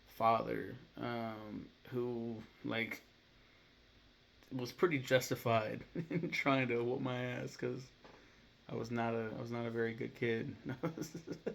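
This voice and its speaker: Gravelly man rambling about movies. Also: mid-range voice, a bit bright, slight background noise. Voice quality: gravelly fry. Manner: rambling, swears freely, acts out scenes in quick voices. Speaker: YouTuber ranking movies. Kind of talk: casual vlog chat to camera. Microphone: camera mic, talking to camera.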